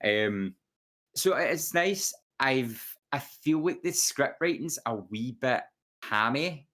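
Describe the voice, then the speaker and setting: A man's voice: medium pitch, expressive, slow pace, a bit bright. A man, co-hosting a podcast, talking in a rambling way with many restarts. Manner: rambling, full of restarts and fillers. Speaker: podcast co-host. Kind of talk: casual chat.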